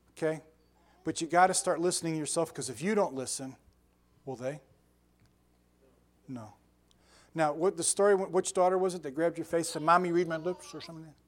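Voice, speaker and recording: Older male pastor, chatty animated sermon, voice sits a bit high. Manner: animated storytelling with sound effects and asides.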